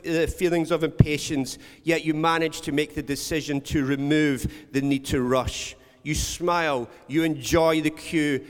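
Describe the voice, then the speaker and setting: A man preaching a sermon, earnest and storytelling, repeating words for emphasis. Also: a little high. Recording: long reverb of a large hall.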